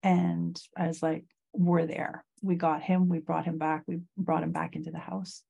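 A middle-aged woman, a guest in an interview, slowly and reflectively telling a personal story of loss. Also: fairly low pitch, level tone, creaky, mellow, breathy edge, muffled recording.

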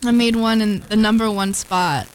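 A woman's voice: medium pitch, moderate pace, slight background noise, low-quality recording. A young woman musician guesting on a radio show, chatting in a rambling, self-deprecating way with lots of fillers. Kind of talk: casual on-air chat. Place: radio studio.

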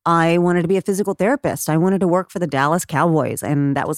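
A middle-aged woman from Texas, a guest telling her story in an interview, animated and laughing often as she acts out quoted voices. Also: on the low side, fast talker, dry recording, clean studio sound. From Texas, United States.

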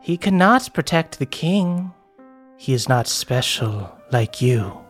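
A man's voice: medium pitch, very animated, slow pace, soft background music. A man voicing a sinister disembodied voice that speaks inside a character's head, raised and insinuating.

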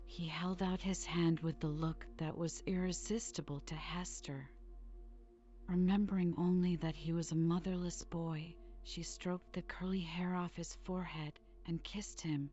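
A woman reading a storybook aloud in a soft, hushed way. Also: lowish voice, steady tone, a little slow, highs cut off, soft background music. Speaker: audiobook reader. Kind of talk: storybook narration.

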